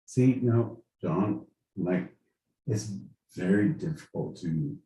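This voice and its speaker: Slow-talking, swearing podcast co-host. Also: male voice, sits low, a little hiss or hum. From Southern California. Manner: swearing, loud, mock-outraged. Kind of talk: profane comedic podcast banter. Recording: echoey room, far from the mic.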